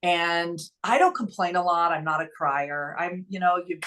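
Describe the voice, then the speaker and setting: A woman's voice: fairly low pitch, moderate pace. Middle-aged woman, earnest nonprofit founder guest, candid and heartfelt. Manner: earnest, emotional, quotes others in lively voices. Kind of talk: conversational storytelling.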